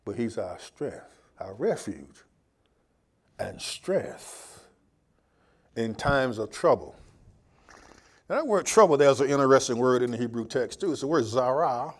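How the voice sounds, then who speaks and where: A man preaching a sermon as pastor, slow and emphatic, swinging from loud to quiet. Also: mid-range voice, very animated.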